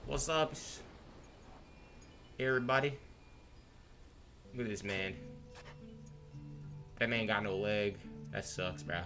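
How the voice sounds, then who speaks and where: A young man giving casual, slangy commentary while playing a game, chatting excitedly and reading in-game text aloud. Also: on the low side, slow, long pauses. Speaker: gamer. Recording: faint game music behind.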